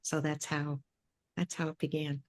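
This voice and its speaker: A woman guest in an interview, telling a personal spiritual story in a reflective, halting way with many pauses and fillers. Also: deep voice, level tone. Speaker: interview guest, ancestral healer.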